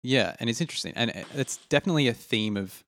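A man's voice: medium pitch, lively intonation, fast, fairly bright tone. A man co-hosting a casual chat, hesitant and searching for words. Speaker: podcast co-host.

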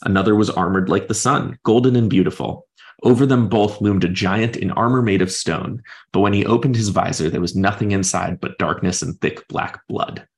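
A man's voice: lowish voice, moderate pace. A man hosting a podcast, thoughtfully discussing a book and retelling its chapters at length in his own words. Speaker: podcast host.

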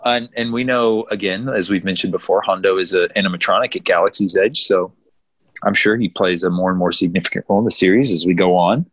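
A man's voice: low-pitched, fast, fairly bright tone, slightly rough. A man co-hosting a podcast, chatting casually and often laughing as he acts out quotes. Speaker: podcast co-host. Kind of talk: casual chat.

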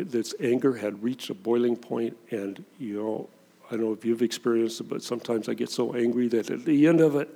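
A man with a gravelly, mid-pitched voice preaches in an easy, conversational way, leaning dramatically into the verses he quotes. His words ring with the long reverb of a church hall. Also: warm tone. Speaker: pastor. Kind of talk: sermon.

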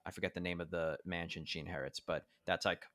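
Man, very deep voice, rambling casual movie chat, dry close sound. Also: steady tone, fast, a bit bright, dry recording. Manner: rambling, loose, with lots of fillers.

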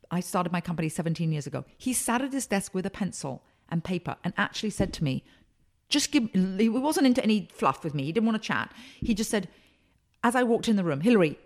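A woman consultant and speaker, telling emphatic, animated stories as a guest in a podcast interview. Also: medium pitch.

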